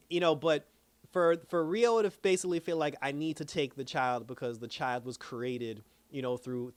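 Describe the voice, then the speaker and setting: Male reviewer, casual rambling recap, fillers galore, fairly high voice. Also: no room sound. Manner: rambling, many fillers, quotes characters in brief put-on voices.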